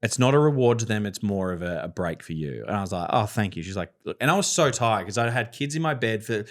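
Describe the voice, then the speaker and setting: A man co-hosting a podcast, telling a lively story and swearing freely as he acts out what people said. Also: fairly low pitch, fast talker. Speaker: podcast co-host. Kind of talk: casual chat.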